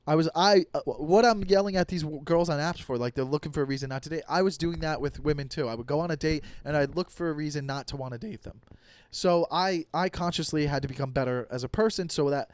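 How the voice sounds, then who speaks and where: A young man hosting a comedy podcast, ranting profanely about dating apps and acting out quick quoted voices. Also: on the high side, clear, resonant tone, no room sound. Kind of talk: solo comedic podcast rant.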